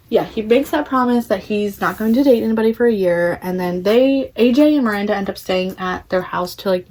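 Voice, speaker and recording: A chatty young woman recaps a novel's plot for her video channel. She talks casually with plenty of "like" and slips into quick voices for the characters. Her tone is relaxed and conversational. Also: mid-range voice. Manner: chatty, many "like"s, acting out characters' quotes. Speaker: book vlogger.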